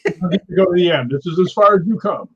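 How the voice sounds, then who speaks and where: A man with a husky, slightly raised voice spins a casual story and jumps into the voices of the people in it. He laughs as he goes. The recording sounds dull and lo-fi. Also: high voice, fast talker. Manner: animated, acts out quotes, laughs often. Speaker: guest storyteller. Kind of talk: casual anecdote telling.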